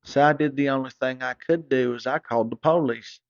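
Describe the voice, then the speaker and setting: A man's voice: mid-range voice, fairly quick, dry recording. Rambling profane storyteller man. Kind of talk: crude comic storytelling. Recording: dull, dry recording.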